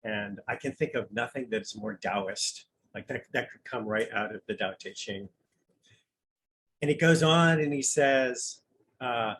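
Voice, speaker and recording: A man's voice: medium pitch, a little slow, fairly bright tone, low-quality recording. Male Zen priest, casual dharma talk, musing and conversational, mid-range voice, faint background noise. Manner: musing, conversational, thinks aloud with light humor.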